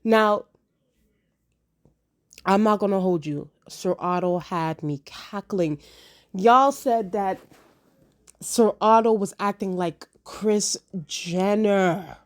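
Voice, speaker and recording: A woman's voice: mid-range voice, slow pace, pauses often. A woman chatting casually as she reviews a TV episode, slangy and repeating lines for emphasis. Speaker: TV show reviewer.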